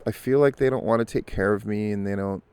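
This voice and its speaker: A man's voice: fairly low pitch, quick pace, a little mellow, clean tone, no echo, close to an everyday voice. A man voicing a needy young woman stuck on a bench, pleading in a plaintive tone while telling a joke.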